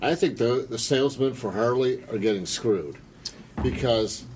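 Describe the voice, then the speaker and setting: A man's voice: mid-range voice, moderate pace, darkish tone, a little hiss or hum. A man in casual chat, patiently laying out his argument.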